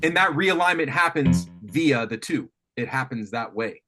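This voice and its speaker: A man coaching a student on writing guitar riffs, thinking aloud with lots of restarts and animated talk. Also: mid-range voice, moderate pace. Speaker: music coach. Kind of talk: teaching songwriting on a call. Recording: faint guitar music behind.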